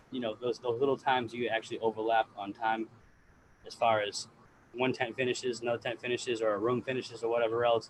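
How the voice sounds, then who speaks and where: A man from the US East Coast tells stories in a casual podcast chat, swearing freely and acting out what people said. His voice sits at a middle pitch. A faint noise runs under the recording. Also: poor audio. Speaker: guest grower.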